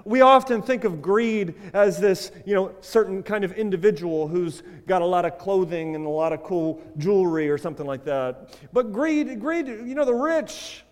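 A man preaching a sermon as pastor, swinging from loud emphasis to quiet asides and telling a joke story. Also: high-pitched, animated, normal speed, hardly any pauses, long reverb tail. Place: church sanctuary.

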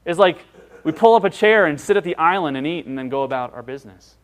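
Male pastor, somewhat high voice, emphatic conversational sermon, repeats lines for stress. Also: lively intonation, quick pace. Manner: conversational preaching with rhetorical questions.

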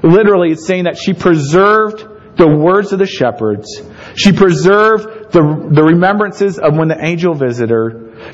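A man preaching a sermon in a conversational, animated way, with asides to the congregation. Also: high voice, muffled recording. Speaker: pastor.

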